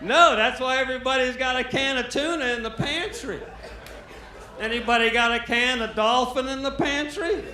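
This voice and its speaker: A man's voice: very high-pitched, moderate pace, sharp tone. An American man doing brash, profane stand-up comedy on a club stage. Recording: roomy club with crowd noise. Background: audience laughter.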